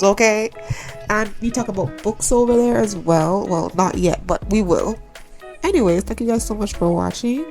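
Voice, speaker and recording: A woman's voice: mid-range voice, a little mellow. A tired woman chatting casually to her viewers as a gaming vlogger, rambling and repeatedly asking them to subscribe. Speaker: Sims YouTuber.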